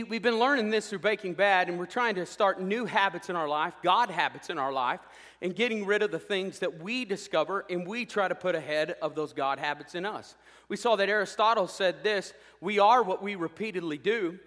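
A man preaching a sermon as pastor, fired up and swinging between loud declarations and hushed asides. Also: high-pitched, normal speed, long reverb tail. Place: church sanctuary.

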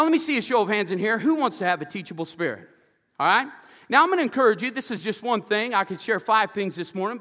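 A man preaching a sermon as pastor in a church, telling stories energetically and getting loud and animated. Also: sits high, in a large hall. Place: church sanctuary.

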